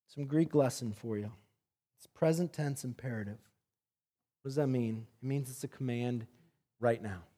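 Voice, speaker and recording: A man preaching a sermon, telling a story with animation and swinging between loud and soft passages. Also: mid-range voice, moderate pace, long pauses. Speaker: pastor.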